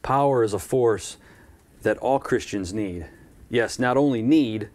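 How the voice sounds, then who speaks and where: A man's voice: medium pitch, measured pace, a little mellow. A man preaching a live-streamed church sermon in a conversational way, with asides and repeated phrases.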